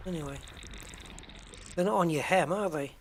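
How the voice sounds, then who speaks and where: A man's voice: a little high, moderate pace, a bit bright, slight background noise. A British man in his fifties with a British accent, chatting casually and rambling with jokey asides while he plays a space game. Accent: British English. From United Kingdom. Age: 50s. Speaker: gaming streamer.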